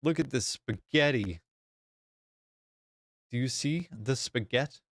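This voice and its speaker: Gravelly-voiced man chatting on a game stream. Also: medium pitch, takes it slowly, no room sound, clean studio sound. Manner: chatty, excitable, self-mocking sarcasm. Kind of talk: live gameplay stream chat.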